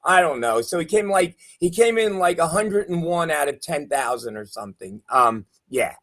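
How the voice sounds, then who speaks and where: A man hosting a casual sports chat show over a video call, teasing and chatty, calling himself old and slow. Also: a little high, expressive, fairly bright tone. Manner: teasing, chatty, self-deprecating. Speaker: show host.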